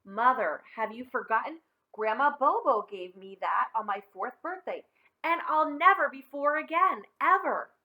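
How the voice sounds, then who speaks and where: A woman's voice: sits high, animated, normal speed, lo-fi sound, pitched above the performer's own voice. A woman voicing a dramatic young boy in a storybook who pleads to keep his toys. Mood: pleading. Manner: pleading, melodramatic whine.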